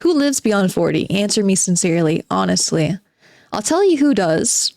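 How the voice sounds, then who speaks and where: A woman's voice: medium pitch, very animated, normal speed, creaky, dry recording, clean studio sound. A woman reading aloud as a spiteful, bitter forty-year-old male recluse who sardonically lectures his listeners. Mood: sardonic. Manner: sardonic, self-mocking monologue addressed to "gentlemen".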